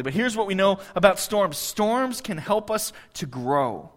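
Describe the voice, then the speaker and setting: High-voiced man preaching in a reverberant hall. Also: sing-song, unhurried, hardly any pauses. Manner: conversational, asks the congregation questions, many restarts. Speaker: pastor. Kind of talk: sermon. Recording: long reverb of a large hall.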